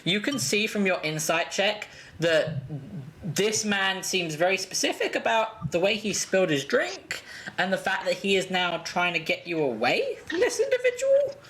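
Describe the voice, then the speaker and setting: A man's voice: high voice, big pitch swings, normal speed, fairly bright tone. A man narrating as game master of a tabletop game, rambling with frequent restarts.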